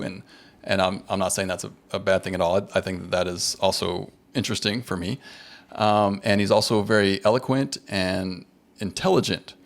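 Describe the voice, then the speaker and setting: A man with a fairly low voice talks in a relaxed podcast chat. He is careful and self-correcting, and often repeats a word while he searches for the right phrasing. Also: gravelly. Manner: careful, self-correcting, restarts words when thinking. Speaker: podcast host. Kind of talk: casual conversation.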